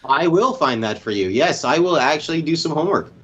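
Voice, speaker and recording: A man's voice: a little high, lively intonation, brisk, muffled recording. Chatty Canadian sports co-host man. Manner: chatty, agreeable, jumps between topics. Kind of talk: casual sports talk.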